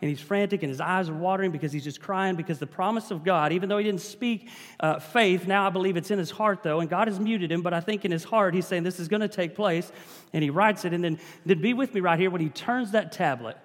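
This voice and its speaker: A man's voice: high-pitched, fast talker, big-room sound. A man preaching a sermon to a congregation, building emphasis and calling out to the listeners.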